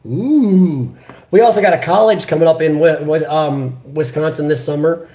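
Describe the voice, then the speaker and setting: An American man hosts a casual live chat, animated and talkative as he answers his viewers. He talks straight into a computer webcam. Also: fairly high pitch, normal speed. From United States. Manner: animated, chatty, reads viewer comments aloud. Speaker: livestream host. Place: hospital room.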